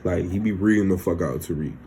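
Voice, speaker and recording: A young man with a low voice talks fast over a noisy background, recapping a TV episode. He's a recap vlogger, loose, slangy and profane in casual chat, acting out the characters' lines.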